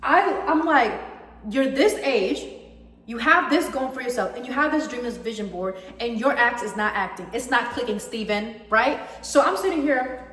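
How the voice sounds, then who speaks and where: A woman's voice: on the high side, lively intonation, normal speed, a bit bright. A young woman ranting heatedly about a breakup, emphatic and swearing freely. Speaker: vlogger. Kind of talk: personal storytime rant. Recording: echoey room with long reverb.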